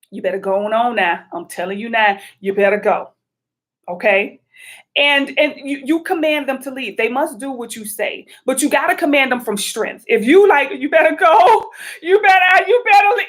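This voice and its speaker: A middle-aged woman giving spiritual advice in a chatty, animated livestream talk, calling her viewers y'all. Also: high voice. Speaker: spiritual vlogger.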